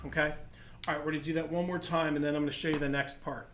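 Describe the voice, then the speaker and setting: A man's voice: a little high, little pitch movement, very fast, echoey room, very noisy. A man teaching a livestream drum lesson, patiently explaining technique and counting in. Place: percussion studio.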